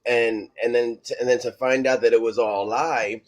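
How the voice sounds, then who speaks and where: A man on a casual podcast panel, speaking earnestly with halting restarts. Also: mid-range voice, fairly even intonation.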